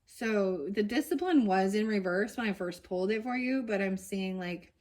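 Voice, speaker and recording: A woman's voice: medium pitch, normal speed, darkish tone. A middle-aged woman, a mother, chatting casually as she pulls and reads cards, rambling and saying "dude" and "you know" often. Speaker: tarot card reader. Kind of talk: casual card-reading chat.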